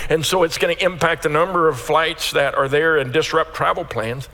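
A man's voice: fairly high pitch, brisk, hardly any pauses, big-room sound. A man preaching a sermon as pastor, telling a story with frequent restarts. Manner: storytelling, animated with repeated restarts.

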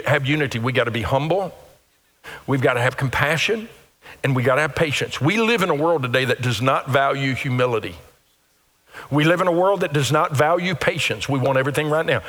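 A man preaching a sermon as pastor, animated and acting out the little voices of churchgoers. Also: a little high. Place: church sanctuary. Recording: long reverb of a church hall.

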